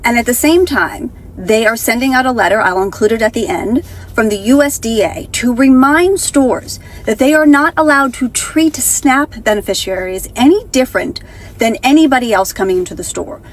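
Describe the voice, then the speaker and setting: A woman's voice: on the high side, expressive, moderate pace. A woman earnestly explaining a policy in a commentary clip.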